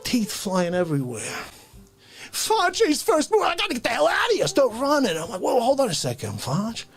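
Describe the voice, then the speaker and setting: A man putting on a manic, shrill old loudmouth. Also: wildly swooping pitch, moderate pace, heavily acted. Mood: rambling. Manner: rambling, manic, yelling demands. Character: loud, bossy older man comic character.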